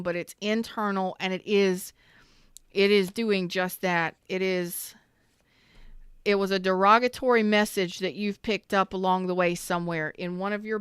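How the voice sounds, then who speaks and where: A woman's voice: mid-range voice, smooth, no room sound, clean studio sound. A woman doing a live tarot reading on a stream, chatty and slangy, greeting viewers by name and repeating herself. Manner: swears casually, slangy.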